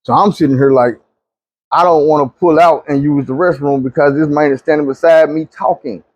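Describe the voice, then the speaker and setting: A man telling a long dream story, animated, dropping low and quiet when he pleads. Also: brisk, no room sound, low-quality recording. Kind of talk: recounting a dream testimony.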